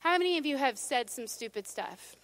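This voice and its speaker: Bright high-voiced woman preaching. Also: animated, fairly quick, dry recording. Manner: conversational, humorous, drops to a hush for God's whisper. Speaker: pastor. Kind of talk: sermon.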